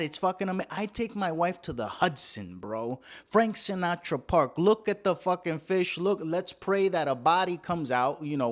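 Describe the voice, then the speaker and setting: Puerto rican guy hosting a comedy podcast, cussing, flipping between english and spanish. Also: fairly high pitch. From Puerto Rico. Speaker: podcast host. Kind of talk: casual comedic rant.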